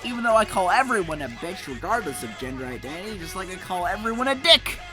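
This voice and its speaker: A man's voice: high-pitched, very animated, quick pace. A man in his twenties doing rambling, profane let's play commentary over a game. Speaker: gameplay commentator. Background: game music.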